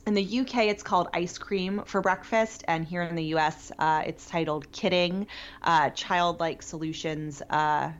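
Chatty podcast co-host, woman, lower voice, lo-fi recording. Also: fairly even intonation, normal speed. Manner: chatty, enthusiastic, many fillers. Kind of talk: casual chat. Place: New York. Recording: dull lo-fi sound.

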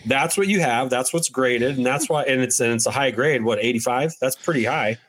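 A man's voice: medium pitch, brisk, a bit bright. A man co-hosting a casual chat, friendly and explaining things in detail.

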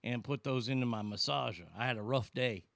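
A man's voice: medium pitch, a little fast, gravelly, fairly bright tone, no echo, clean studio sound, pitched below the performer's own voice. A man playing a prank caller with a chipped-tooth lisp, making a rambling, mock-earnest complaint.

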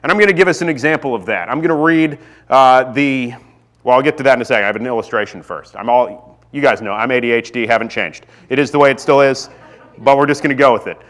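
A man's voice: mid-range voice, quick pace, a bit bright. A man in his thirties preaching a sermon in a casual, self-deprecating way that rises to fervent pleas. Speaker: pastor. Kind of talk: sermon with personal stories.

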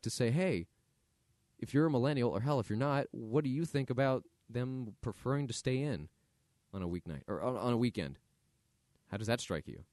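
A man's voice: mid-range voice, animated, normal speed, a little mellow, no room sound, studio quality. A man hosting his own podcast, talking casually and thinking aloud with fillers. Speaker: podcast host. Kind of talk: casual solo podcast monologue.

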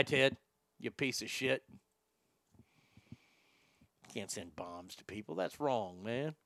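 A man hosting a podcast, ranting with sarcastic, profane bluster. His voice is bright and forceful, with a crisp, clean tone. The sound is close and dry, with no room around it. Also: mid-range voice, no room sound. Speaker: podcast host. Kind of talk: opinionated talk show rant.

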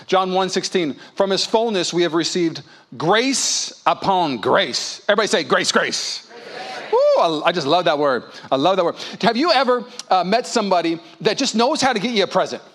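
A male pastor preaching a sermon at a church service, telling stories and acting out voices with lively energy. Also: high-pitched. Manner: animated storytelling, acts out dialogue.

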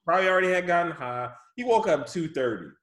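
A man in casual chat, telling an animated, profane story and laughing often. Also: on the high side, fast, roomy sound. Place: his office.

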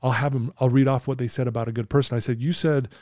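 A man's voice: mid-range voice, fairly even intonation, fast talker, a little mellow, no room sound, studio quality. A man talking as a guest in an interview, telling stories in an earnest way and acting out talks with his clients. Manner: earnest, acts out dialogue with clients. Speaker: podcast guest, client coach. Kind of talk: conversational storytelling interview.

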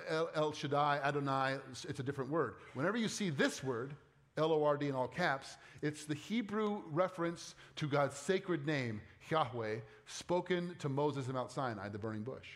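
Guy preaching a sermon, kinda high voice, earnest, goes quiet and low on the bible verses. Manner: earnest preaching, drops low and soft on scripture; conversational asides with playful quoted voices. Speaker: pastor.

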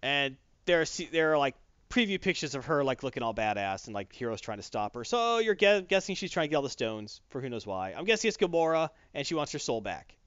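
Animated man rambling on a podcast. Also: medium pitch, fast, smooth, dry recording, dull audio. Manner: animated, rambling, acts out quotes. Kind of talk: casual chat.

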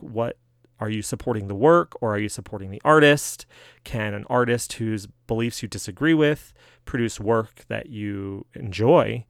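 A man hosting solo, reading aloud and thinking out loud in a chatty, self-deprecating, rambling way. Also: on the low side, vocal fry, no echo, clean studio sound. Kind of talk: casual rambling commentary.

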